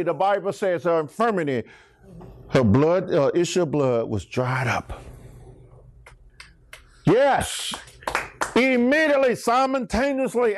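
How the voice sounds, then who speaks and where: Man, preacher, sermon, sweeping animated pitch, slow deliberate delivery. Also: no room sound. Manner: animated storytelling with call-and-response exclamations.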